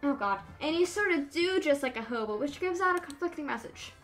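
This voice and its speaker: A woman streamer reads a game's dialogue aloud in a quick, playful way. Her voice is high, bright and sharp, with faint game music playing behind her. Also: expressive.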